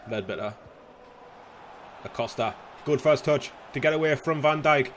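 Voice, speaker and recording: A young man commentating his own football video game, slightly hoarse, bursting into shouts and laughter at goals. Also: on the high side, moderate pace, noisy background. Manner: excitable, shouts at goals, casual swearing. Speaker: gaming youtuber.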